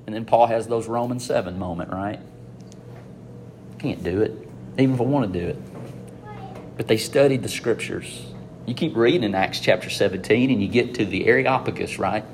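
A man giving an informal, conversational sermon to students, swinging between loud emphasis and hushed asides. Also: on the low side, moderate pace, pauses often, a little hiss or hum. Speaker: preacher addressing students.

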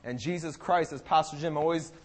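High-voiced young man preaching. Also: a little fast. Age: young adult. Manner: emphatic, impassioned, repeats phrases. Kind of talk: sermon. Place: church service.

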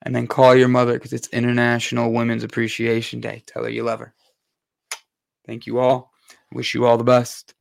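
A man's voice: medium pitch, completely flat delivery, moderate pace, vocal fry, no echo. A man hosting his own show, talking candidly and emphatically about mental health, repeating phrases and swearing for force. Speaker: podcast host. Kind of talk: personal monologue on mental health.

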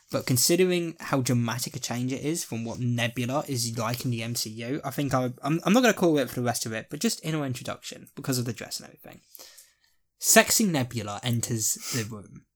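Animated, swearing man in casual chat. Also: medium pitch. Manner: animated, swearing, acts out character quotes. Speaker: podcast co-host.

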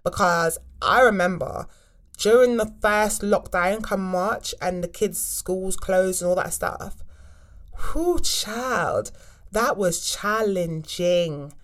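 Chatty mum giving frank tips. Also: female voice, mid-range voice. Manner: chatty, frank and animated, with quick asides. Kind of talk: casual advice chat to camera.

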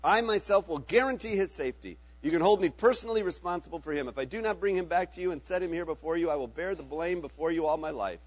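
A man's voice: fairly high pitch, expressive, fast talker, hardly any pauses, lo-fi sound. A man voicing an earnest adult brother pleading with his father while reading scripture aloud.

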